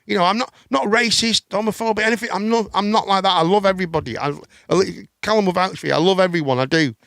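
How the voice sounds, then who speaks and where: A man's voice: sits high, quick pace, gravelly, a bit bright, no echo, studio quality. Rambling man with a raised voice. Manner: rambling, stammering restarts, casual swearing. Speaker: live chat show host. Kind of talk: casual rambling chat.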